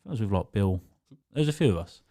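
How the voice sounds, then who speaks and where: A man co-hosts a podcast in casual chat, swearing a lot and laughing as he talks. His voice is fairly low and warm, fast, with lively intonation.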